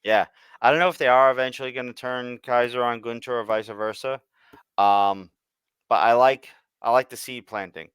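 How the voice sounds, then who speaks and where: A man co-hosting a casual wrestling podcast, giving relaxed opinions and frequent short agreements. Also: medium pitch, normal speed, clear, resonant tone, dry recording. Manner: laid-back, mostly short agreeing replies. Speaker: podcast co-host. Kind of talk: casual wrestling recap chat.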